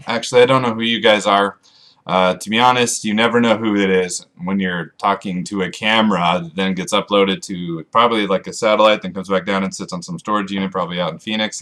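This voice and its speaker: A man vlogging to his camera, rambling and joking at himself in a monotone way. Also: deep voice. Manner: self-mocking, rambling, jokey asides. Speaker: author vlogger. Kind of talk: rambling casual vlog to camera.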